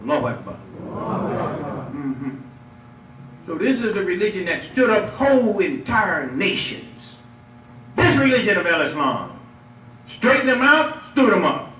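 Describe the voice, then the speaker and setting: A man preaching a lively Friday sermon as imam, playful and emphatic, drawing responses from the congregation. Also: high voice, unhurried, long pauses, a little hiss or hum. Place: mosque prayer hall. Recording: echoey hall, picked up from far off.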